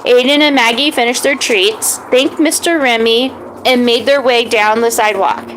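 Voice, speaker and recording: A woman telling a children's story in a gentle, animated way. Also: normal speed, a little hiss or hum, poor audio. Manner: gentle, animated, high voices for the characters.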